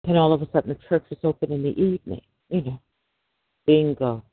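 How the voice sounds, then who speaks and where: A man's voice: a little high, a little fast, husky, no room sound. A middle-aged man, a podcast host, giving a preachy religious monologue full of rhetorical questions. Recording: dry, tinny phone-line sound.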